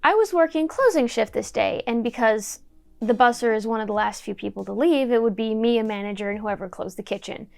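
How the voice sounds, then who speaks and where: A woman's voice: a little high, fairly quick, creaky, soft background music. A young woman in a casual storytime vlog, chatty and wry, swearing freely while she tells what happened, filmed at home on a camera mic. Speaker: YouTuber telling a story.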